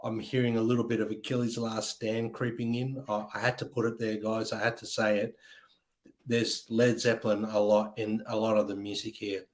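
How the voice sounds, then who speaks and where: A man's voice: fairly low pitch, level tone, moderate pace. A man hosting a casual music chat show, talking with enthusiasm and rambling with many ums. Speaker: podcast host.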